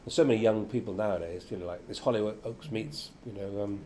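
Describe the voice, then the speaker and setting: Older actor being interviewed, low voice, does voices in his stories, light hiss. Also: brisk. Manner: lively storyteller, acts out quotes. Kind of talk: casual interview chat. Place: venue with background chatter.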